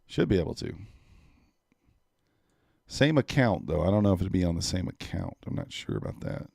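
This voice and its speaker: A man's voice: sits low, very animated, moderate pace, gravelly, darkish tone, no echo, studio quality. A man in his thirties giving laid-back casual commentary on a live trading stream, talking to chat viewers. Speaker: livestream day trader.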